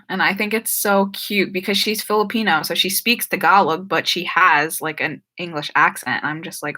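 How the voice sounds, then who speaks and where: A young woman with a New Jersey and Philadelphia accent talks casually on a live stream, filling her sentences with "like" and "um" and sometimes tripping over her words. Her voice sits slightly low and sounds bright and sharp. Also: normal speed, few pauses. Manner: chatty, frequent "like" and "um", trips over words. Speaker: YouTuber hosting a live stream Q&A.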